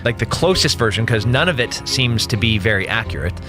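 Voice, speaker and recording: A man who is a guest on a podcast, explaining things in an animated storytelling way. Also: mid-range voice, brisk. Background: music.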